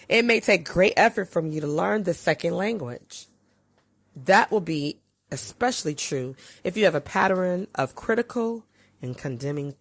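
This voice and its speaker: A woman podcast host reading aloud from a relationship book, with expressive swings in pitch and loudness. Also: breathy edge, dry recording.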